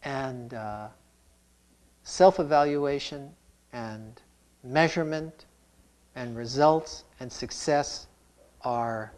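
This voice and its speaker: A man who teaches Zen, giving a calm, reflective dharma talk with touches of humor. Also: medium pitch, takes it slowly, pauses often.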